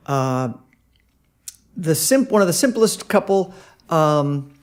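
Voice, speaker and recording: Man teaching with a slightly high voice. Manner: halting delivery with many fillers, tapping out rhythms by voice. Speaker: songwriting teacher. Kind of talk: casual video lesson.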